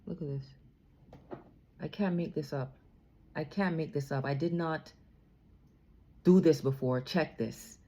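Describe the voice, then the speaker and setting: A woman's voice: deep voice, a little slow, pauses often, breathy edge. A woman giving a tarot reading alone, emotional and prone to repeating her phrases. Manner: emotional, repeats phrases, drifts into soft sung lines. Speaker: tarot reader.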